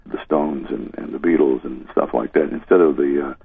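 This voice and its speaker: Gravelly low-voiced older man on phone. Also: steady tone, normal speed, no echo. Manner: rambling, chuckling storyteller. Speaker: former disc jockey. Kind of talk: reminiscing interview. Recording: dry tinny phone line.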